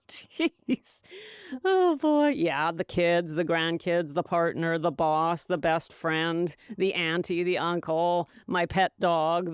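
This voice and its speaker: A woman's voice: lowish voice, smooth, dry recording, studio quality. A middle-aged woman hosting a sobriety podcast, reading quiz questions aloud and mocking them with giggles and sarcasm. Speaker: podcast host. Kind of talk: casual sobriety talk.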